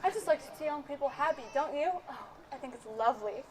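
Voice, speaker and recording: A woman playing a sentimental wedding guest who gushes without pause. She talks fast in a high voice. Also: expressive. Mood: gushing. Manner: gushing, chattering. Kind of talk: stage play acting.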